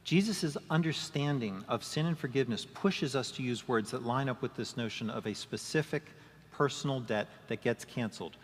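A man's voice: mid-range voice, normal speed. A man preaching a sermon, asking rhetorical questions and acting out quoted excuses. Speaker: pastor. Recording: long hall reverb.

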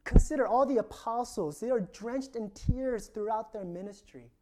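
A male pastor delivers a sermon with an earnest, reflective manner. His voice is mellow and warm, rising for emphasis and then sinking to a soft, near-whispered hush as phrases close. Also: very high voice, moderate pace.

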